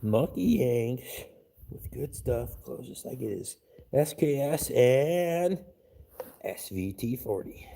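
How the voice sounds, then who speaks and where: A man's voice: mid-range voice, lively intonation, slow pace, creaky, warm tone. A man chatting casually on a live stream, reading out chat and swearing constantly in a crude, blunt way.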